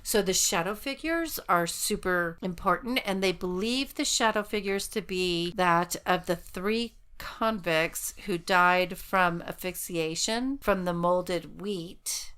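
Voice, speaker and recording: A woman's voice: lowish voice, takes it slowly, few pauses, fairly bright tone, smooth. Chatty woman who keeps losing her words. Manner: chatty, loses her words and restarts often. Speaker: podcast co-host. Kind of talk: casual chat.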